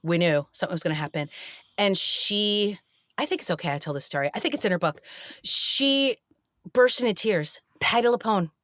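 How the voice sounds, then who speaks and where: Animated woman telling a backstage story. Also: medium pitch, moderate pace, dry recording, studio quality. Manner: animated, acts out quoted dialogue. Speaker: actress guest. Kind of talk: casual storytelling interview.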